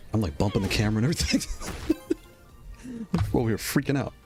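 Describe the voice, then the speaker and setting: A man streaming himself in a fighting game tournament, talking nervously and excitedly through each match and repeating himself. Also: lowish voice, fast, music in the background. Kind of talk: live gameplay commentary.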